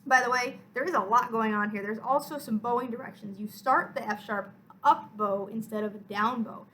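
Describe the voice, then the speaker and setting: Bright-voiced woman teaching orchestra. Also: a little high, normal speed, a little hiss or hum, rough recording. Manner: clear, encouraging, step-by-step explaining. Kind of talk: recorded music lesson.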